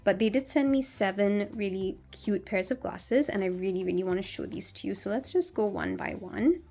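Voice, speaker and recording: A woman's voice: medium pitch, lively intonation, normal speed, dark tone. A woman vlogger chatting casually through a product review, gushing and full of fillers. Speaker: beauty vlogger.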